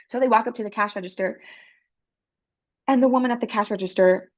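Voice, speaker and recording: A woman interpreting for a panelist, telling a story in an expressive, animated way. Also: medium pitch, fast. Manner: animated, expressive, breaks into character voices. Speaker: sign language interpreter voicing a panelist.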